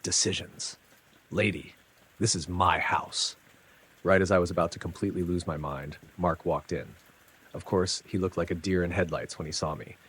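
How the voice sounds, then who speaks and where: Low husky guy reading a story out loud, dramatic and chatty. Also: fairly even intonation, moderate pace. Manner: dramatic, conversational storytelling with casual asides. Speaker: narrator. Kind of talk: first-person story reading.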